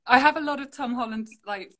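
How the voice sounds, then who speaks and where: A woman's voice: sits high, a little fast. Chatty, laughing British woman. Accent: British English. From United Kingdom. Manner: chatty, laughs often, animated. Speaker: guest artist. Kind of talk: casual chat on a livestream. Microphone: phone on a live video call.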